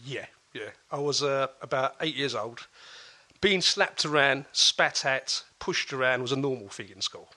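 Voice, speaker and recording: A man, a guest telling a personal story in an animated way, often restarting his sentences. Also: mid-range voice, a little slow. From England.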